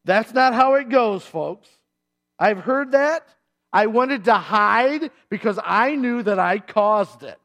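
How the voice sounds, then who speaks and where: High-voiced man preaching with animated delivery. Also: takes it slowly. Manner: animated storytelling, acting out voices and shouts. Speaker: pastor. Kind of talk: sermon.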